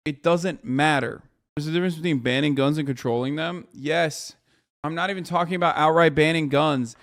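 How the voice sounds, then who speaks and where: Male streamer, heated rant, profane, restarts, slightly high voice. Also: fairly bright tone. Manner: profane, ranting, talks over himself with restarts. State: agitated, at times shouting. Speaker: streamer reacting to a video.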